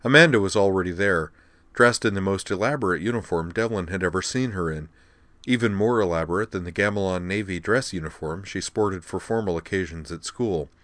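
A man narrating an audiobook in a steady, measured reading. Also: low voice, no echo. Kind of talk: scripted narration.

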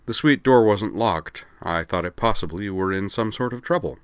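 A man voicing a calm, formal male alien who speaks quietly and dryly. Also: lowish voice, moderate pace, dry recording, natural voice.

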